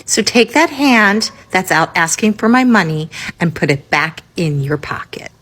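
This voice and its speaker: A woman's voice: fairly low pitch, animated, measured pace, a bit bright. A woman ranting about politics, sarcastic and scolding, with swearing. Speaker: commentator. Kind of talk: angry political rant.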